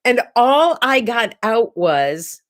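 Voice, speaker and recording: A woman's voice: fairly high pitch, sing-song, slow. A middle-aged American woman hosting a casual solo talk show, chatting in a rambling way and telling stories with many asides. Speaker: host.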